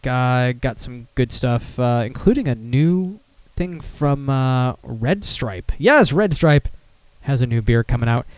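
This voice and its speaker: A man's voice: medium pitch, darkish tone, clean tone, no room sound. Rambling sardonic male podcast host. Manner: rambling, sardonic, many fillers and restarts. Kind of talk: casual solo podcast commentary.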